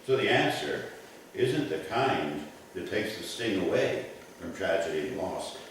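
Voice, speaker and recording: A pastor delivering a sermon, measured and emphatic, pressing his points with rhetorical questions. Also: sits low, expressive, a little hiss or hum. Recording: echoey church from a distant mic.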